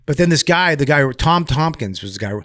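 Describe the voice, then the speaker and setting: A middle-aged man tells a raw story from his past in a podcast interview. He swears freely and gets animated, shouting out the lines of the people he remembers. The recording is dry and close. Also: a little high, a little fast, no echo. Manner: profane, animated, acts out other people's voices loudly. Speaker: comedian guest. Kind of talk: candid storytelling in conversation.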